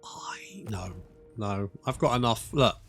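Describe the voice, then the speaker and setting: Lively man playing a game. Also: lowish voice, takes it slowly, gravelly, faint music behind. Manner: chatty, wry, swears freely, talks to units. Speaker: gaming channel host. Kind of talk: casual strategy game commentary.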